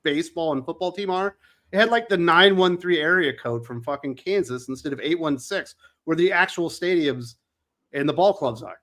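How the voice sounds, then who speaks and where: A man's voice: a little high, normal speed. A man co-hosting a podcast, joking and ranting crudely in casual chat. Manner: joking, crude banter with lively swings. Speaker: podcast co-host.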